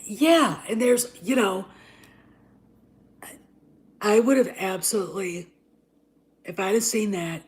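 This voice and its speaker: A woman host ranting in casual commentary, profane and emphatic, often dropping into a harsh whisper before surging back loud. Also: mid-range voice, takes it slowly, long pauses. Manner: profane, emphatic, repeats itself; drops to an unvoiced whisper and back.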